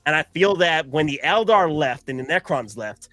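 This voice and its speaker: A man hosting a casual stream chat who talks in an excitable, rambling way and laughs often. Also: fairly high pitch, normal speed, no room sound, faint music behind. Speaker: streamer host.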